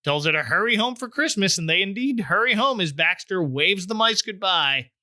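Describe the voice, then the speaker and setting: Middle-aged guy, wry jokey recap voice, really bright, dry sound. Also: high-pitched, lively intonation, moderate pace, dry recording. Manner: wry, joking, puts on silly voices for quotes. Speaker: podcast host recapping a TV special. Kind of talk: casual chat.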